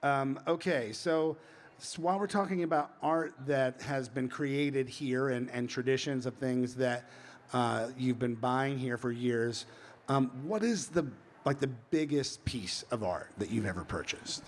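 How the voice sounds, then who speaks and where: A man's voice: mid-range voice, measured pace. Upbeat man hosting an interview. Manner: upbeat, enthusiastic reactions. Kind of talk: casual interview.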